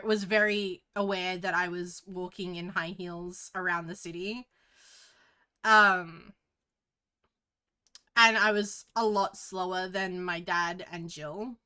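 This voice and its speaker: Bright, crisp Australian woman rambling. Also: medium pitch, steady tone, slow. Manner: rambling, with frequent restarts and swearing. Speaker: streamer. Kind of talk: casual storytelling.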